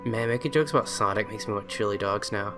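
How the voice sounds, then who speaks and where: Over music, a young let's play host talks quickly in a lowish voice. He casually narrates the game, reading its text aloud and tossing out sarcastic, profanity-laced jokes.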